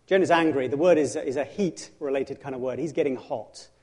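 A man preaching a sermon in animated storytelling, dramatizing scripture with frequent restarts. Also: mid-range voice, brisk, slightly rough. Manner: frequent restarts and self-corrections. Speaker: pastor.

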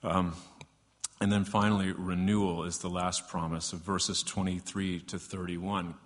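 A man's voice: sits low, flat delivery, unhurried, long reverb tail. A man preaching a sermon, reading scripture aloud with emphatic rises and speaking freely between the passages. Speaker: pastor.

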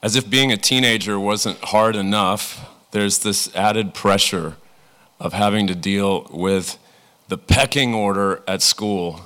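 A man in his forties, a pastor preaching a sermon in a relaxed, self-deprecating way, his voice thick from a cold. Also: on the low side, slow pace. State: has a cold, congested.

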